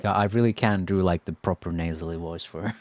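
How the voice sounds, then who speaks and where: A man's voice: deep voice, a little fast, a little hiss or hum. A man streaming, making a casual, joking aside while reading a game story.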